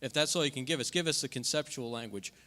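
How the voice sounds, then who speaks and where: A man's voice: fast talker, bright, forceful tone. A man giving an impassioned campaign speech at a forum, repeating points and stressing key words. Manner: impassioned, repetitive, drops pitch on asides. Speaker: congressional candidate. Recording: reverberant hall.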